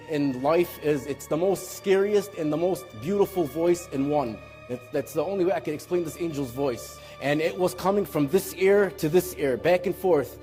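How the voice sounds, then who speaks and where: A man in his forties giving an emotional personal testimony in a church, earnest and intense, his voice rising high in urgent moments. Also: warm tone. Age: 40s.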